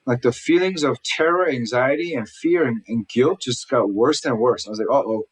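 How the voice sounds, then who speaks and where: A man recounting a personal story to an interviewer, talking quickly and earnestly, restarting phrases and acting out what others said. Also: medium pitch, slightly rough, low-quality recording. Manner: fast, earnest retelling full of restarts, acting out quotes. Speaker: guest telling his life story. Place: lives in Southern California.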